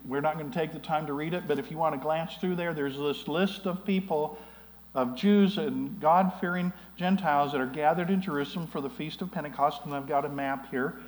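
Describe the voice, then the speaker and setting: A male pastor delivers a sermon in a relaxed, conversational storytelling manner. His voice sits a little higher than most men's. He often breaks off and restarts his thoughts with asides. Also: poor audio. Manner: storytelling, conversational with frequent "you know".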